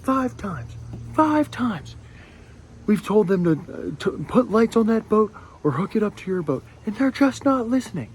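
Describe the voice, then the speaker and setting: A man putting on a screaming older lake manager who keeps repeating himself in a shrill, strained voice. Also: sing-song, a little slow, slight background noise, full character voice. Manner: shrieking, repetitive.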